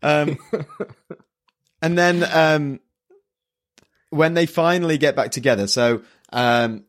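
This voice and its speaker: A man hosting a casual podcast chat, recapping a manga animatedly and often laughing. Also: takes it slowly. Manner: animated, laughing, acts out characters in higher voices. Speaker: podcast host.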